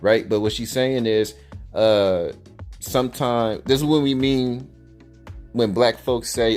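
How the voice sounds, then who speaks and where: A man's voice: medium pitch, a little mellow, soft background music. A man hosting a reaction commentary channel, talking bluntly in slang and drawing words out for emphasis. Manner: blunt, slangy, drawn-out emphasis, mimics voices. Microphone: audio only, no camera.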